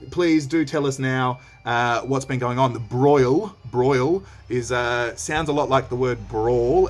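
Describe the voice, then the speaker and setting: Casual, chatty male teacher. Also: mid-range voice. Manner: casual and chatty, with many fillers. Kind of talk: explaining a play while reading aloud. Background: faint background music.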